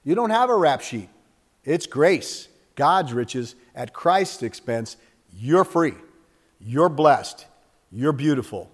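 A man preaching a sermon with lots of energy, acting out little scenes and jumping up and down in pitch and loudness. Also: slow, big-room sound. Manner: animated, acts out little scenes with sudden jumps in pitch and volume. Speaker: pastor.

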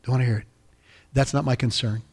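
A gentle, loving father figure, as a preacher gives him voice, speaking in a soft, hushed tone. He coaxes tenderly and quietly, with an inviting warmth. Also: mid-range voice, steady tone, rapid-fire, husky.

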